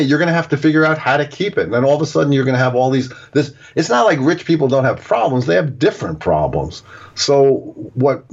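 A man being interviewed as an author, explaining at length and acting out little example quotes as he goes. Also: medium pitch. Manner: digressive, explaining with acted-out examples. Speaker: author and guest. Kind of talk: casual interview talk. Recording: dull lo-fi audio.

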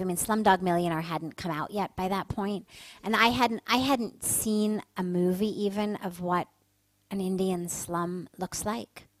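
A woman's voice: mid-range voice, dry recording, low-quality recording. A woman hosting a spiritual talk show on the radio. She tells a personal story earnestly and with strong feeling.

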